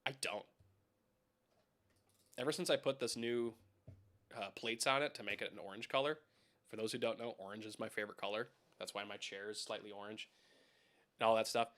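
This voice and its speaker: A man's voice: on the low side, steady tone, brisk, pauses often, a bit bright. A young man hosting a casual live stream from home, rambling, swearing and chatting with viewers about keyboards. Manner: rambling, swears, laughs often, talks to chat.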